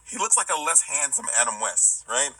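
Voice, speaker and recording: A man co-hosting a podcast, chatting casually about a movie with animated, incredulous asides. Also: mid-range voice, normal speed, breathy edge, rough recording. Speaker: podcast co-host. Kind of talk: casual chat.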